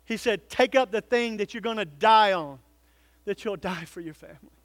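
Animated high-voiced preacher man. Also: normal speed, dry recording. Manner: animated preaching, swinging from loud calls to hushed pleading. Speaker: pastor. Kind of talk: sermon.

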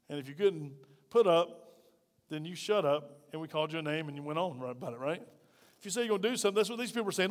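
High-voiced preacher in a reverberant church. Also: male voice, animated, brisk. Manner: conversational preaching with acted quotes, swinging loud and quiet. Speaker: pastor. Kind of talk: sermon. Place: church hall. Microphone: lapel.

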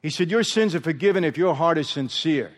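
A man's voice: on the high side, animated, fairly quick. Emphatic man preaching in a reverberant hall. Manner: emphatic, repeatedly addresses the audience as "people". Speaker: guest speaker. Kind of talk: testimony sermon.

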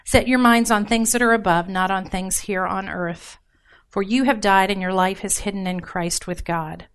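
A woman's voice: mid-range voice, steady tone, moderate pace, smooth. A woman giving a casual, joking sermon on marriage, talking straight to her audience and asking for responses. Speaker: women's ministry speaker. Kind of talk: informal sermon.

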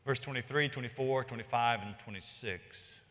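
A man's voice: mid-range voice, normal speed, fairly bright tone. A man preaching an expository sermon, talking emphatically and rising on his key points. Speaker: pastor. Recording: long reverb of a large hall.

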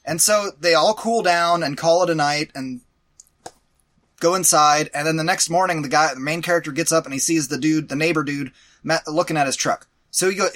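Man, podcast co-host, bright and slightly high voice, animated and exasperated, casual swearing. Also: a little fast. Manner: animated, exasperated storytelling with profanity. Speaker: podcast co-host reviewing a movie. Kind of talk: casual chat.

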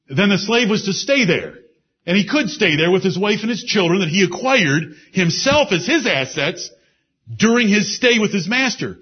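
A man preaching a sermon with emphasis. He repeats key phrases and drops into low asides. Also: animated, moderate pace, husky. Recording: dull lo-fi sermon recording.

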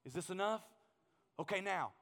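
Male pastor, lively storytelling sermon, slightly high voice, long hall reverb. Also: normal speed. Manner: animated, humorous, acts out scenes.

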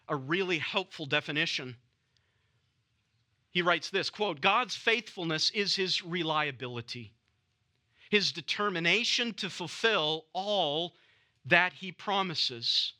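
Guy preaching a sermon, high bright voice, slow and emphatic, says things twice. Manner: measured, emphatic, repeats key phrases. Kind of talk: expository sermon.

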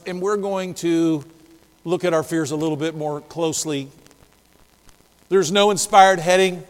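A male pastor preaching a sermon, moving from quiet asides to shouted exhortation. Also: high voice, long reverb tail, poor audio.

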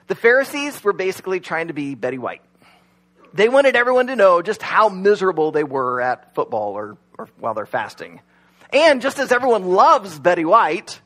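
A male pastor delivers a sermon in a loose, conversational way, slipping into animated storytelling. His voice sits a little high and swings widely in pitch, with a slightly husky edge.

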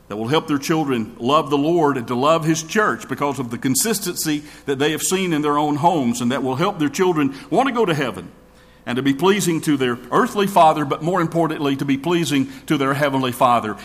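A man's voice: on the high side, a bit bright. A man preaching a sermon in an earnest way, often repeating his first words as he begins a thought. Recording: long reverb of a large hall.

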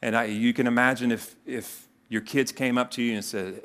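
A man's voice: mid-range voice, steady tone, brisk, few pauses, fairly bright tone. A middle-aged male pastor giving a sermon in an earnest, conversational way, slipping into spoken prayers.

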